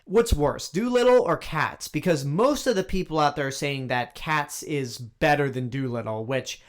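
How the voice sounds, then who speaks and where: A fairly high-voiced man talks straight into the mic through a movie review. He is blunt and plainly exasperated, and he hammers his points home by repeating them. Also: moderate pace. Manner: blunt and exasperated, emphatic repetition. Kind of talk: opinionated film review monologue.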